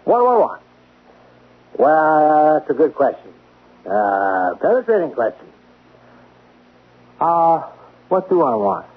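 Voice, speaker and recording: Drunk, rambling obsessive in a vintage radio play; husky voice, thin lo-fi broadcast sound. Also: male voice, a little high, sing-song, slow, long pauses, full character voice. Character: drunk, obsessive man, talent manager type. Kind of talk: 1970s radio drama acting.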